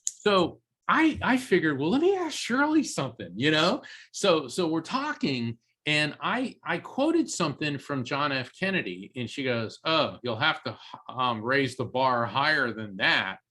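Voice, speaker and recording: A man, a podcast guest, telling a long anecdote with lively energy and acting out the quoted voices. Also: on the high side, a little slow. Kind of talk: animated storytelling in a podcast interview.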